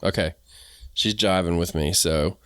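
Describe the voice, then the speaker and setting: A man's voice: low voice, unhurried, a bit bright, smooth, no echo, clean studio sound. A man co-hosting a gardening podcast, joking around while steering the conversation in loose phrasing. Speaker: podcast co-host. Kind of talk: casual gardening chat.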